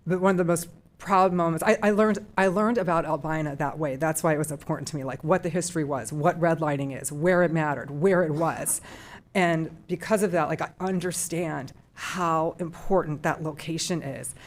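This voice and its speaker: A woman's voice: low-pitched, steady tone, moderate pace. A middle-aged woman serving on a school board, speaking heartfelt and emotional at a public meeting, with restarts and trailing phrases.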